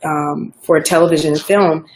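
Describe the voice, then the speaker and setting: A woman's voice: sits low, fairly even intonation, moderate pace, darkish tone. A woman from Georgia with a Southern American accent, a guest in a casual interview, chatting loosely with lots of fillers and restarts. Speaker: actor guest.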